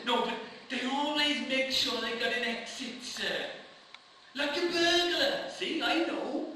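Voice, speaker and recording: Brief: man as a jittery Welsh private, very high bright voice, echoey hall from far off. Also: unhurried, slight background noise, heavily acted. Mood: deferential. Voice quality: eager, deferential. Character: nervous polite Welsh army private. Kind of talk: amateur stage play.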